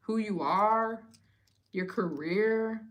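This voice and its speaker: A woman in her late twenties, chatting casually and telling stories in an expressive way as the host of a live Q&A stream. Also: medium pitch, extremely slow, a little hiss or hum. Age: 20s. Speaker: travel vlogger hosting a live Q&A.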